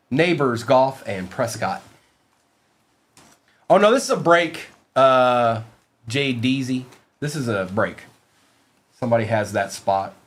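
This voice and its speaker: A man hosting a live card-break stream, calling out cards while chatting and joking with his viewers. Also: mid-range voice. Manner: joking, playful asides to chat.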